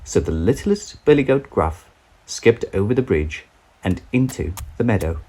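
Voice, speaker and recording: A man reading a children's storybook aloud with an expressive, sing-song delivery. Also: lowish voice, normal speed, husky, rough recording.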